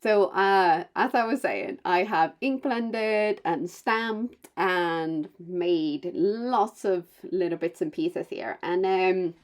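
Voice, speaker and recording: Woman crafter, not a native English speaker, low-ish voice, chatty voice-over full of fillers and asides. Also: takes it slowly, hardly any pauses. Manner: chatty and rambling, with many fillers and self-corrections; bubbly, with playful asides. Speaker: card-making vlogger. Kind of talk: casual voice-over narration of a crafting video.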